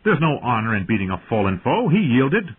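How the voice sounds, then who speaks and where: A man's voice: medium pitch, sing-song, a little fast, slightly rough, voice pushed up. A man voicing an earnest, defiant young recruit who stands up for a fallen boy, heard through tinny phone-like audio. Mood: urgent.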